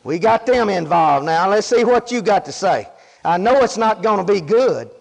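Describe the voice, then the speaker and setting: A man's voice: sits high, lively intonation, moderate pace, vocal fry, in a large hall, poor audio. A male preacher delivering a folksy, emphatic sermon, often asking the congregation questions.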